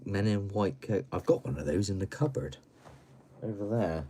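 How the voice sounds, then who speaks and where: A man hosting a late-night live stream from home, chatting in a rambling, giggly, playful way, swinging between loud bursts and mumbles. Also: sits low, normal speed, background noise. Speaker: livestream host.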